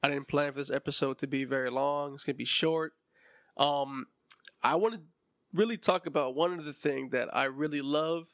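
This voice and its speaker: A man in his twenties carries a solo podcast in an impassioned, emphatic rant. His voice sits a little high for a man. The recording is dry and close, with no room echo. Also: vocal fry, a bit bright. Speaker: podcast host.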